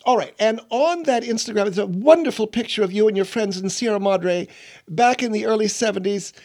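A man's voice: sits high, fairly quick, a little mellow. A man doing an eager radio interviewer. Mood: upbeat. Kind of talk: comedy radio sketch.

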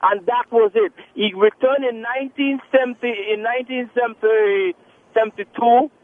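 A man with a thick foreign accent argues insistently over a tinny phone line, tripping over repeated words. His voice sits high. He sounds like a heated radio caller. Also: fairly even intonation, normal speed, dry recording. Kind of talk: heated call-in debate.

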